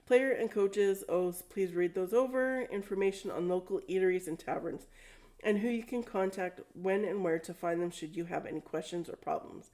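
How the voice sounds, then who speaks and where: A woman voicing a bored male registration clerk who drones in a monotone, in a storybook read-aloud. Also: fairly low pitch, moderate pace, lightly acted. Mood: droning. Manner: monotone droning.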